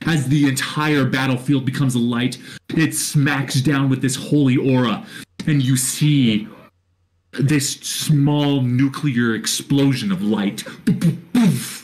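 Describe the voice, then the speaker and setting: A man running a tabletop role-playing game as dungeon master, narrating the battle in a slow, descriptive way with small hesitations. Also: medium pitch, fairly even intonation.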